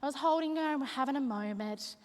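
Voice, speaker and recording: Young woman, brash and animated stand-up, slightly high voice, long hall echo. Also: fast. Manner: brash, animated, crowd-teasing. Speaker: stand-up comic speaker. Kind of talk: stand-up comedy.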